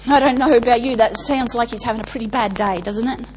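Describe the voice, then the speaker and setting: A woman's voice: on the high side, fast talker, darkish tone, slight background noise, rough recording. A woman preacher delivering an emphatic sermon, stacking lists and asking the congregation rhetorical questions.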